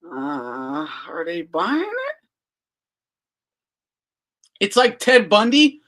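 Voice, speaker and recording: Lively high-voiced mocking man. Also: drawn-out words. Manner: profane, laughs often, mocking. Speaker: host. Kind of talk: casual live commentary.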